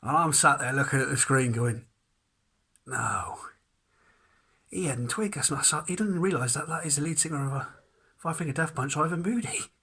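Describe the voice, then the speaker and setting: Casting: man, husky voice, chatty storyteller. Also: on the high side, brisk, bright, forceful tone. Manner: chatty storyteller, acts out quotes. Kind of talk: casual anecdote.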